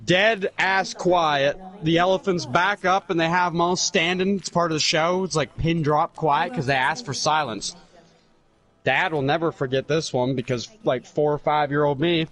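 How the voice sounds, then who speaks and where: A man's voice: a little high, normal speed. Profane, rambling young man telling stories. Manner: profane, rambling anecdotes with animated put-on quotes. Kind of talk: casual chat over gameplay.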